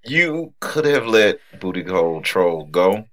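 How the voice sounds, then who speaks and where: A man co-hosting a video game podcast in a crude, playful, rambling way, full of restarts and shout-outs to listeners. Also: sits low, big pitch swings, a little slow. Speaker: podcast co-host. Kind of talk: casual podcast chat.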